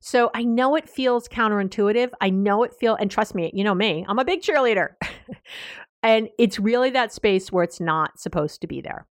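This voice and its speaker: An American woman therapist hosting a podcast, giving animated casual advice, laughing and restarting her sentences. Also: medium pitch, normal speed, dry recording, studio quality. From United States.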